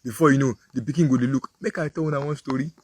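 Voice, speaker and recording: A man's voice: medium pitch, fairly even intonation, rapid-fire, darkish tone, a little hiss or hum. A man with a Nigerian accent, a preacher giving a moral talk full of vivid, repetitive storytelling.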